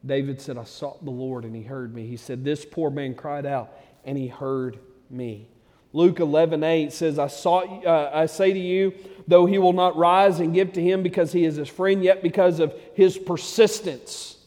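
A man preaching a sermon, talking plainly to his flock, then building to loud, excited peaks. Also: fairly high pitch, in a large hall. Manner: conversational preaching that swells to loud, excited climaxes. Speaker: pastor.

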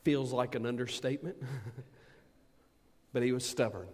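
A man preaching a sermon, swinging from booming emphasis to quiet asides. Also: unhurried. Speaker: pastor. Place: church sanctuary. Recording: long hall reverb.

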